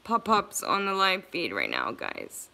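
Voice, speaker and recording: A woman's voice: on the low side, huge pitch swings, measured pace, vocal fry, pushed and bright, slight background noise. A woman hosting a livestream, speaking earnestly and emotionally to her viewers, repeating herself as she offers support. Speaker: livestream host.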